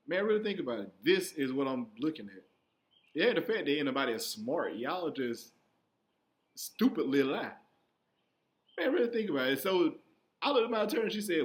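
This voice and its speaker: Young guy, slightly high voice, casual profane storyteller who plays every part himself. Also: moderate pace. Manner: profane, animated, acts out both sides of conversations.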